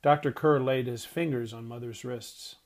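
A man narrating an audiobook chapter in a measured, expressive reading voice. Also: mid-range voice. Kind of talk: scripted narration.

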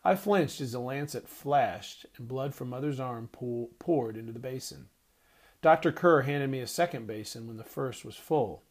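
A male narrator reading a novel aloud in a measured, expressive way. His voice sits at a middle pitch, neither deep nor high. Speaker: audiobook narrator. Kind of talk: scripted narration.

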